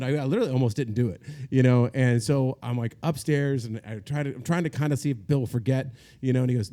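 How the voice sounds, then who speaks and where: A man telling an animated, self-deprecating story as a podcast guest, often breaking into laughter. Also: medium pitch, quick pace, few pauses. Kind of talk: casual storytelling. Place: podcast set at a magazine office.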